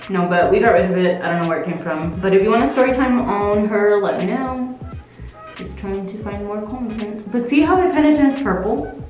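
Faint music and heavy echo fill the room as a young makeup vlogger chats through a tutorial at home, picked up by her camera mic. She talks a little fast in a mid-range, darkish voice, putting on a British accent while playfully rambling.

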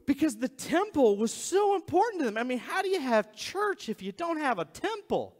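A man delivers a sermon from the pulpit in a high, animated voice, slipping into acted-out quotes. His words ring with the long reverb of a church hall. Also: fairly quick. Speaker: pastor. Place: church sanctuary.

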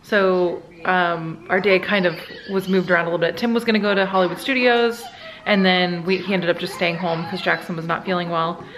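A woman's voice: fairly low pitch, steady tone, fairly quick, a bit bright, slight background noise, low-quality recording. A woman in her thirties chatting casually to camera at home as a vlog host, rambling with lots of filler words. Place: family home at dinner time.

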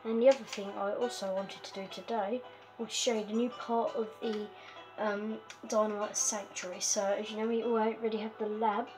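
A woman's voice: mid-range voice, level tone, moderate pace, over music. A woman hosting a casual game walkthrough, chatty and giggly, with lots of fillers and a habit of talking to her pet. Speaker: gaming video host.

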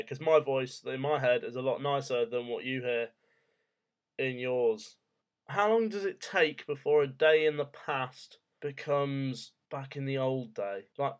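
A young man in his twenties talks to camera at home, drifting from one odd thought to the next. His delivery is jokey and offhand, full of rhetorical questions and casual swearing, at an everyday middle pitch. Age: 20s. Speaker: vlogger. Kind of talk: casual rambling monologue.

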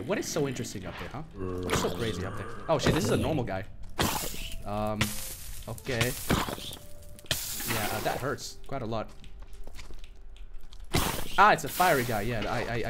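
Young male streamer, lively swinging delivery, rambling live commentary over a noisy mic. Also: medium pitch. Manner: excitable, swears, repeats himself when panicked.

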